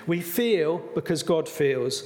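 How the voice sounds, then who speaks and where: A man's voice: a little high, animated, slow, a little mellow, big-room sound. A man preaching a sermon in an earnest, conversational way, with some fillers. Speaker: pastor.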